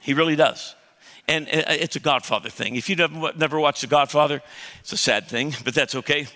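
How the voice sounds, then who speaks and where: Bright-voiced preacher in an echoing hall. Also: male voice, fairly high pitch, brisk. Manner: emphatic, conversational, asks the crowd questions. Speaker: pastor. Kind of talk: sermon.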